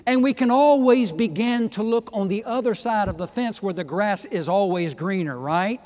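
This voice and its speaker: A man preaching a sermon, emphatic, swinging from quiet asides to loud exhortations. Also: high voice, moderate pace, in a large hall. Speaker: pastor.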